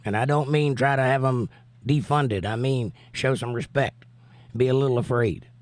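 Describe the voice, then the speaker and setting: A man with a Southern US accent and a hoarse voice, hosting a livestream and reading chat comments aloud in an easygoing, drawling way. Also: mid-range voice, moderate pace, no echo. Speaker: livestream host.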